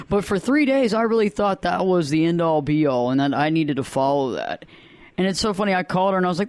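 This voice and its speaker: A man hosting a radio interview, telling stories in a lively, animated way. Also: high voice, brisk, no echo. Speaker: radio show host. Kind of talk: casual interview chat.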